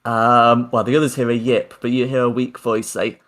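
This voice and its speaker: A man's voice: mid-range voice, little pitch movement, normal speed, a bit bright. Hesitant man running a tabletop game. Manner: hesitant, lots of ums and repeated words. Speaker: game master.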